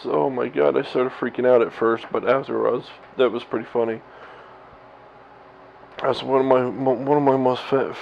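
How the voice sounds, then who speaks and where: A man's voice: medium pitch, creaky, a little mellow. A man in his thirties telling a story straight to his camera at home, rambling, swearing and laughing at himself. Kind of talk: candid personal vlog monologue. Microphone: camera mic. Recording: slightly dull lo-fi camera audio with faint hiss.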